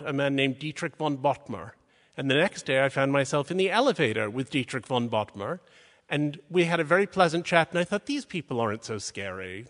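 A man's voice: mid-range voice, fairly bright tone. A man telling a true story on stage in a wry, precise, self-mocking way. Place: stage in a large hall. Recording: live hall reverb.

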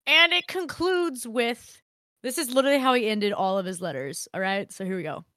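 A woman co-hosting a casual podcast, reading history aloud with animated, profane, laughing banter. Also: on the high side, normal speed, dry recording, clean studio sound. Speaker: podcast co-host.

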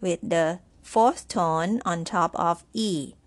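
Give me a woman language teacher who speaks very slowly and repeats each word like a dictation test. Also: lowish voice. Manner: spells pinyin letter by letter and repeats words. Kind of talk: slow, careful lesson dictation.

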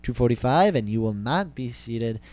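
A man's voice: mid-range voice, animated, normal speed, a little mellow, natural voice. A man voicing a curt female vet receptionist in a comedy rant.

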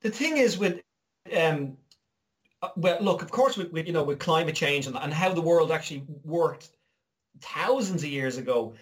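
An Irish man chatting casually, telling animated stories and acting out the voices of other people. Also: fairly high pitch, normal speed. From Ireland. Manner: animated storyteller, acts out quoted voices. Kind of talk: casual chat.

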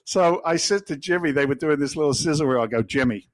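A middle-aged Englishman, guesting on a podcast, tells stories bluntly, with jokes and swearing. His voice is a little high and fast, and the recording is low quality but free of echo.

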